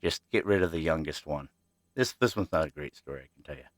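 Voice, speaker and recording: A man's voice: extremely low pitch, fast talker, no echo, clean studio sound. A man hosting his own podcast, telling childhood stories in a rambling, chatty way and talking straight to his listeners. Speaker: podcast host. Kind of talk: casual storytelling.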